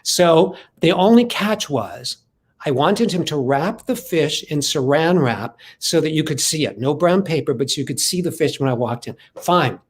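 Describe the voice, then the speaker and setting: A man's voice: a little high, normal speed, husky. A middle-aged man telling a story as a motivational speaker, acting out the voices he quotes. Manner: animated, acts out quoted voices. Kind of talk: storytelling talk.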